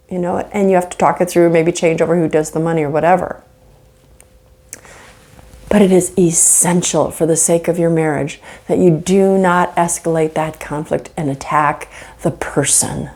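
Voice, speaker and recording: A woman teaching about marriage from a faith angle, earnest and animated, often acting out example conversations. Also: on the low side, normal speed. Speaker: marriage counselor. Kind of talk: faith-based relationship teaching.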